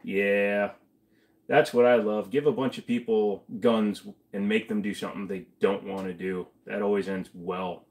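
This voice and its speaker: Low-voiced man chatting on a livestream. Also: fairly even intonation, unhurried, darkish tone. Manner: chatty, reads chat aloud, mumbles asides. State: feeling sick to his stomach. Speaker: livestream host. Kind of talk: casual livestream chat.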